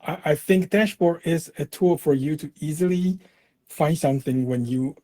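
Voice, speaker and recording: A man's voice: a little high, normal speed, dark tone. A man speaking as a guest in a casual conversation, explaining his points with slightly unusual phrasing.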